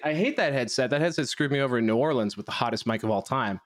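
A man's voice: medium pitch, animated, fast talker, no echo, studio quality. A man from Canada co-hosting a casual podcast chat, telling stories in a rambling, self-deprecating way. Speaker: show co-host.

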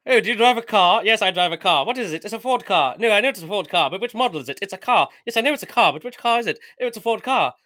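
A Scottish man putting on a deliberately bad Essex accent to mock an Essex man talking about his car. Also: sits high, expressive, bright, forceful tone, voice pushed up. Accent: exaggerated Essex.

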